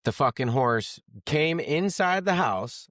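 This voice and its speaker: A man's voice: on the high side, lively intonation, slow, a bit bright, dry recording, clean studio sound. A young man in casual podcast chat, telling family stories with lots of swearing and laughter, often cutting in to correct the other speaker. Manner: swearing, laughing storyteller who interrupts and corrects. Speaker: guest.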